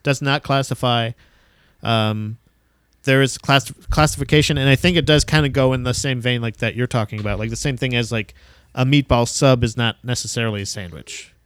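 Podcast co-host, male, mid-pitched, loose rambling delivery with casual swearing, dry close mic. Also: brisk, fairly bright tone, clear, resonant tone, no room sound. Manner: rambling, swears freely, many restarts. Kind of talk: casual chat.

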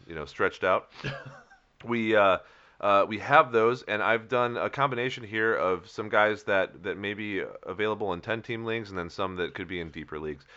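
Deep-voiced man, crisp and bright. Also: muffled recording. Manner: halting, many fillers and restarts. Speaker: co-host of a fantasy football podcast. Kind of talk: casual chat.

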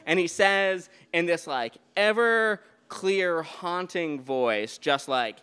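A man telling a true story live on stage at a beer garden show, in a rambling, animated way with many restarts and fillers. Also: high voice, takes it slowly, few pauses.

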